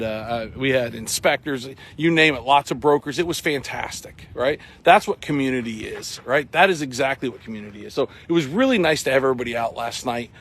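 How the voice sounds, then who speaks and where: Upbeat middle-aged male host, winded, casual live talk, lots of ums, mid pitch. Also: a bit bright. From Massachusetts. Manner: upbeat, chatty, many ums and uhs. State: sweating and out of breath. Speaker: real estate broker hosting a morning show. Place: outdoors at a baseball field.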